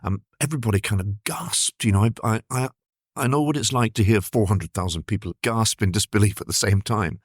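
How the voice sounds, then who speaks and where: A man's voice: lowish voice, a little fast, no echo, studio quality. A man in his sixties, a journalist guest, thoughtfully recounting what he witnessed, with frequent restarts. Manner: thoughtful, vivid recollection with hesitant restarts. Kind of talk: reflective storytelling in an interview.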